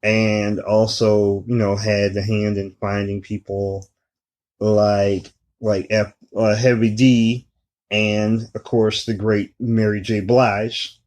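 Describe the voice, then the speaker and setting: Laid-back low-voiced man in his forties. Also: little pitch movement, a little mellow. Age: 40s. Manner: unhurried, laid-back delivery with many fillers. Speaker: podcast co-host. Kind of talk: casual chat.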